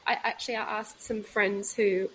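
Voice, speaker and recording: A woman in her thirties, a midwife, speaking as a guest in a candid podcast conversation, halting and frank with many pauses and fillers. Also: medium pitch, level tone, a bit bright, a little hiss or hum, low-quality recording.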